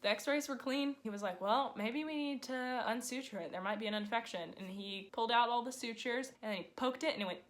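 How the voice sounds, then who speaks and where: A woman's voice: fairly high pitch, fairly quick, hardly any pauses. A young woman vlogger telling a story in a casual, chatty way, full of "like", acting out what people said. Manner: chatty, lots of "like", acts out quoted people. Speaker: vlogger, horse owner.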